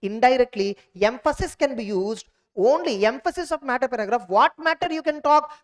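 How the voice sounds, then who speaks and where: A woman's voice: high-pitched, lively intonation. A woman giving an exam revision lecture, drilling points and often checking that students follow. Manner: drilling, keeps checking understanding with quick questions. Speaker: teacher.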